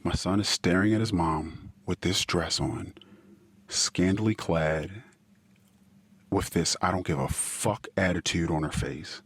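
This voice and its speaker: A middle-aged man hosting a podcast, telling a personal story in a halting, emotional way that drifts into quiet asides. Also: low voice, breathy edge, dry recording. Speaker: podcast host.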